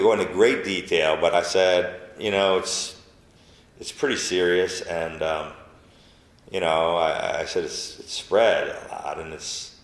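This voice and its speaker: A deep-voiced man with a gravelly edge tells a personal story, stumbling and restarting as the emotion catches up with him. His voice drops soft when he repeats what was said. The room around him is echoey. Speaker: interview guest.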